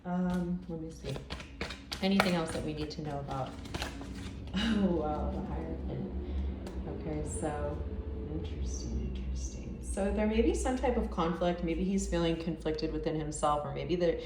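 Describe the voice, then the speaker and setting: A woman's voice: sits low, normal speed. A woman giving a casual tarot reading, chatty and exclamatory, with lots of fillers. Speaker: tarot reader. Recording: echoey room, distant mic, faint noise.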